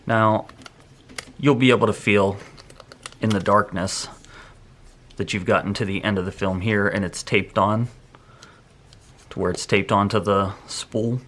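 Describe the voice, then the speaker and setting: A man explaining a hands-on film photography task step by step, in a relaxed, rambling way, thinking aloud as he works. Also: fairly low pitch, a little slow, long pauses. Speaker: photography instructor. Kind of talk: hands-on tutorial.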